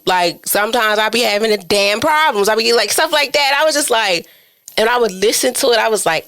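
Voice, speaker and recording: A woman in her twenties hosting a podcast in casual chat, talking in an animated, chatty way and acting out her own inner voice. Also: on the high side, a little fast. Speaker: podcast host.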